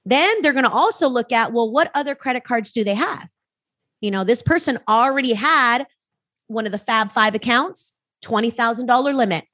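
A woman's voice: on the high side, fairly bright tone, no echo, clean studio sound. Chatty woman explaining on a podcast. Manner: explanatory, chatty, with quick interjections. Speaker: podcast co-host. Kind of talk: casual conversational podcast.

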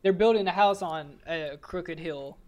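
High-voiced joking man. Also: darkish tone. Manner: joking, chuckling, fast asides. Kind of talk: casual podcast chat.

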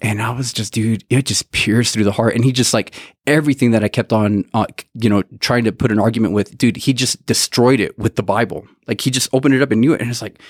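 A man's voice: medium pitch, fairly even intonation, quick pace, a little mellow, dry recording, studio quality. Earnest man who keeps saying dude. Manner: earnest, says "dude" constantly. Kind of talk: casual testimony chat.

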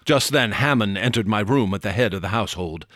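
A man narrating a classic horror tale in a measured, dramatic way, dropping low and slowing down for suspense. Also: lively intonation, a bit bright, dry recording, studio quality. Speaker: audiobook narrator. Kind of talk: dramatic horror story reading.

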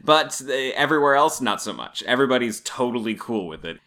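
Man, podcast co-host, casual film chat, jokey, lively pitch. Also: fairly quick. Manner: animated, jokey, throws in acted-out quotes. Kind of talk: casual movie review chat.

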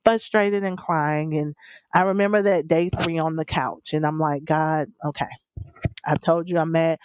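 A woman's voice: low-pitched, fairly even intonation, normal speed, clear, resonant tone, no echo. A woman telling her own birth story as a podcast guest, earnest and emotional, with many fillers and quoted dialogue. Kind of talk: personal storytelling interview.

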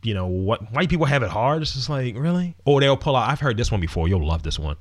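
A man co-hosting a podcast in casual conversation, his pitch swinging widely as he talks. He is profane and quick to mock what he argues against. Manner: animated, profane, mocking asides. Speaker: podcast co-host.

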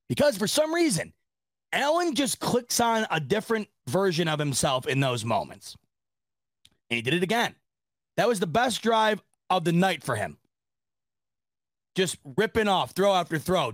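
A man's voice: high-pitched, expressive, normal speed, long pauses, fairly bright tone, dry recording, clean studio sound. A man hosting a sports reaction podcast, talking casually in a rambling, exasperated way with lots of restarts and laughter. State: laughing to tears.

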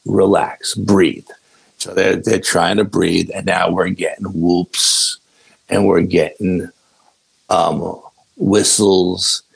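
A man with a gravelly voice, telling a long story as a guest in a casual interview, often adding "you know". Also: sits low. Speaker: guest investigator.

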